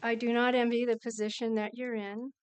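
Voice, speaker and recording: A woman giving a prepared public comment at a meeting, measured and earnest. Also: a little high, flat delivery, clean tone. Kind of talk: prepared statement at a council meeting.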